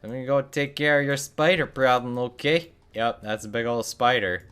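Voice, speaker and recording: A man's voice: mid-range voice, fairly even intonation, normal speed, fairly bright tone, clean tone. A man streaming a game, commenting in a casual, wry and joking way.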